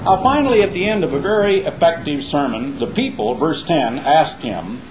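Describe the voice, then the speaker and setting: A man's voice: a little high, lively intonation, moderate pace, a crowd in the background, low-quality recording. Folksy, emphatic male preacher. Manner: folksy and emphatic, with rising rhetorical questions. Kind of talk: sermon.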